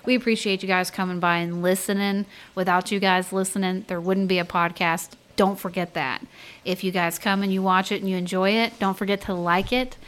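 Woman, Southern US accent, podcast co-host, casual chat, animated, jokey. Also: medium pitch, brisk. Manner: animated, jokey, laughs often.

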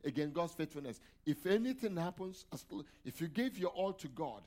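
Male pastor mid-sermon, a bit high, keeps asking the church to fill in the word, lots of hallelujah. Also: animated, brisk, mellow. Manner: call-and-response questions to the congregation; frequent hallelujahs and amens.

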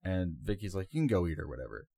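A man's voice: deep voice, lively intonation, fast, gravelly, warm tone, no room sound, studio quality. A man co-hosting a podcast, telling a long story in a rambling, laid-back way with lots of fillers. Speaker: podcast co-host. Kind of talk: casual storytelling chat.

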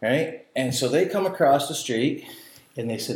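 A man telling a long story in casual chat, profane and animated, acting out quotes. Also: mid-range voice, normal speed. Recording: roomy echo.

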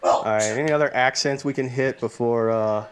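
A man co-hosting a casual podcast, joking around and quick to laugh. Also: mid-range voice, background noise. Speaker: podcast co-host. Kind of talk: casual chat.

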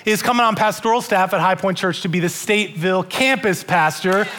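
A man's voice: high-pitched, a little fast, a crowd in the background, background noise. A male pastor delivering a church sermon in an earnest way, often repeating and restarting words.

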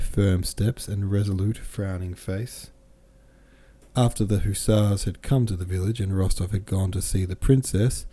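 A man hosting a podcast and reading a classic novel aloud in steady, measured narration. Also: lowish voice. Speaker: podcast host and reader.

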